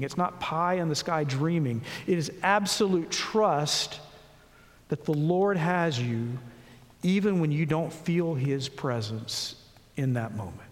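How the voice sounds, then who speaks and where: A man preaching a sermon, reading scripture slowly and earnestly, dropping low and soft between rising pleas. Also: big-room sound. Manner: earnest, slows and rises on scripture, drops low and soft on pauses.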